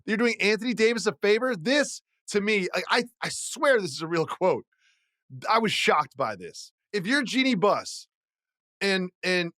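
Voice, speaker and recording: A man's voice: sits high, no room sound, studio quality. Incredulous man ranting about sports. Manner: animated, incredulous, laughs through his rants. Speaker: podcast co-host. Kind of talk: casual sports chat.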